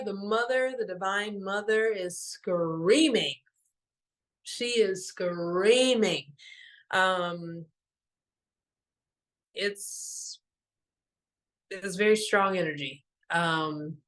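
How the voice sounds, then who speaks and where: A woman's voice: medium pitch, a bit bright. A young woman and mother, a meditation teacher talking loosely and emotionally through a spiritual card message, full of fillers. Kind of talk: casual spiritual talk.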